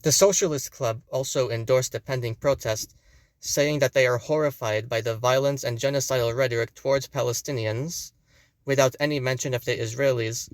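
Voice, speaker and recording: A man's voice: mid-range voice, fairly even intonation, moderate pace, no echo. A young man giving scripted commentary, pointed and with sarcastic asides. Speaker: video commentator.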